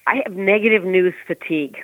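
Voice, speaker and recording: A man's voice: high-pitched, brisk, no room sound. A man co-hosting a talk show, giving emphatic opinions in casual chat over a phone line.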